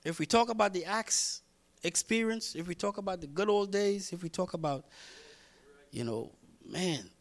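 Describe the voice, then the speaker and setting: A man preaching a sermon, reading scripture and repeating lines as he builds toward shouting. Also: high-pitched, normal speed. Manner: reads scripture aloud, talks to congregation by name. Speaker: pastor.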